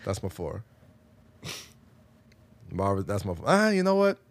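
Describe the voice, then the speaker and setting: Man, 30s, casual debate, insistent, repeats himself, lively swinging pitch, dry close sound. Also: measured pace, no echo. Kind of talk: casual debate among friends.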